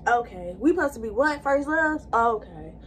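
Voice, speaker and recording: Woman, high voice, get-ready-with-me chat, rambling, talks straight to viewers. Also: lively intonation, moderate pace, a little hiss or hum. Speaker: vlogger.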